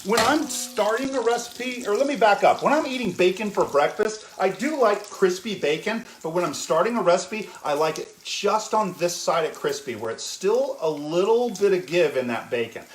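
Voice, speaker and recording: A chatty male chef with a fairly high voice walks viewers through a recipe, tagging his sentences with "okay?". The sound is roomy, with a faint hiss behind him. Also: expressive, normal speed, few pauses. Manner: chatty, says "okay?" often, greets viewers by name. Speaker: chef hosting a cooking stream. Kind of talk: casual live cooking demo. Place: home kitchen.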